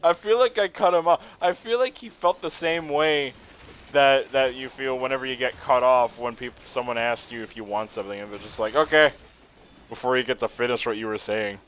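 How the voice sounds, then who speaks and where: A young man giving casual, excitable commentary while playing a video game, laughing often and swearing now and then. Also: mid-range voice, fairly quick, smooth. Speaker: gaming streamer.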